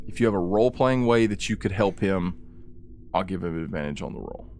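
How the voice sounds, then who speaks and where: A man acting as game master, explaining rules and narrating scenes in a relaxed way. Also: sits low, brisk, slight background noise. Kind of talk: running a tabletop game.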